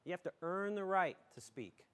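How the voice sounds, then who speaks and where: A man's voice: high-pitched, expressive, normal speed, fairly bright tone, smooth. A middle-aged man from western New York, a school superintendent giving a folksy, joking, emphatic talk to a community audience. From southern tier of western New York.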